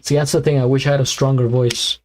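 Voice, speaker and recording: A man's voice: medium pitch, flat delivery, fast talker, a little mellow. A man hosting a live reaction stream, chatting casually with viewers and thinking aloud with plenty of fillers, his voice tiring as he goes. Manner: rambling, thinks aloud with many fillers and restarts. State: voice tiring and weakening.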